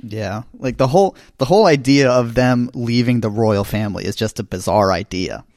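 A man's voice: medium pitch, normal speed, darkish tone, dry recording. A man co-hosting a casual podcast chat, talking in a dry, wry, questioning way. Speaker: podcast co-host.

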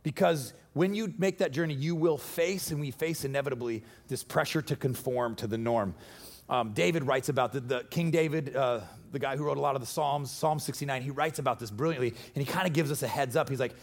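A man preaching a sermon in a church, casual and joking, with animated bursts of energy. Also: mid-range voice, fairly quick. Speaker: pastor.

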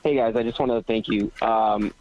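A man's voice: lowish voice, steady tone, normal speed, a little mellow, highs cut off, a little hiss or hum. A man calling in to a podcast, friendly and thankful. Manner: grateful, friendly. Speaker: caller. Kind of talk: phone-in chat.

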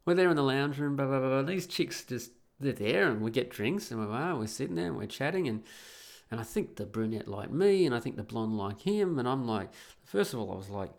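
A man's voice: mid-range voice, expressive, brisk, creaky. An Australian man hosting a podcast from home, telling a story in a blunt, crude and rambling way with lots of restarts. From Perth, Australia. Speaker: podcast host. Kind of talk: casual storytelling monologue.

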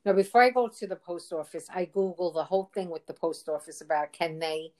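Her voice is on the low side and a little mellow, and she talks briskly. In a casual phone chat, this woman plays storyteller, recounting a frustrating ordeal with rambling exasperation and quoting what others told her.

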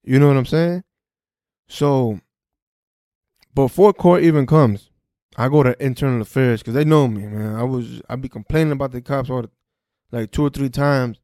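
A man hosting a podcast, telling a personal story in a casual, profane, animated way and re-enacting conversations. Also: mid-range voice, moderate pace, long pauses, no echo, clean studio sound. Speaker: podcast host.

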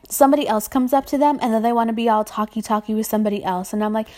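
A young woman rants about her retail job in a casual vlog. Her voice sits a little high, and she swears constantly. Her venting is exasperated and full of likes and you-knows. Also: racing, hardly any pauses, warm tone. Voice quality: self-described annoying voice. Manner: profane, exasperated venting with many fillers. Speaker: retail worker.

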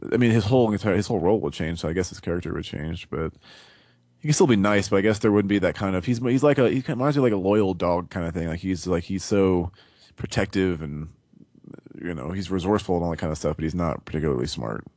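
Brief: male podcast co-host, deep and dry, muses analytically in relaxed chat. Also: fast, no room sound. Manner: thinks aloud, analytical. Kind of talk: casual book discussion.

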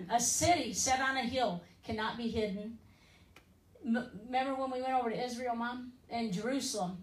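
A woman's voice: fairly high pitch, normal speed, reverberant, far from the mic, poor audio. A woman preacher delivering a fervent broadcast sermon and altar call, pleading with listeners and dropping in "listen" and "amen?" as she goes.

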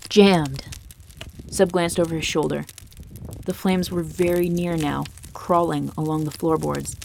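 Low-voiced woman narrating a dramatic story. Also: level tone, normal speed, creaky, noisy background. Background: faint guitar music.

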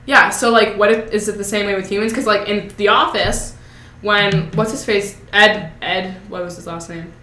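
A woman's voice: mid-range voice, steady tone, moderate pace, bright, forceful tone. A young woman co-hosting a podcast, chatting casually and rambling with lots of fillers and giggles. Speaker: podcast co-host. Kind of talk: casual chat. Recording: echoey room with faint noise.

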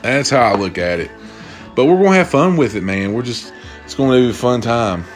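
A man's voice: mid-range voice, brisk, soft background music. A man hosting a casual solo podcast at home, rambling and cursing as he tells stories and acts out quoted voices. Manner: profane, rambling, animated storytelling with quoted voices. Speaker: podcast host. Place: at home, drinking bourbon while recording.

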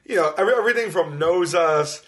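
A man's voice: fairly high pitch, fast talker. A man co-hosting a podcast, telling stories in casual chat and laughing often. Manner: laughing, animated storyteller. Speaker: podcast co-host.

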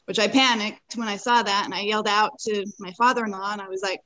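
A woman's voice: mid-range voice, fairly even intonation, fast talker, hardly any pauses, fairly bright tone, poor audio. A woman guest on a podcast, recounting a personal experience in earnest, vivid detail. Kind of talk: personal storytelling in a conversation.

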